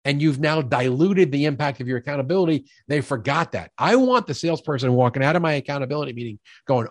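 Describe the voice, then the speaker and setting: A man's voice: on the high side, animated, fast talker, hardly any pauses, no room sound, studio quality. A middle-aged man guesting on a sales-leadership interview, talking energetically and emphatically, often acting out quoted dialogue. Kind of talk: conversational podcast interview.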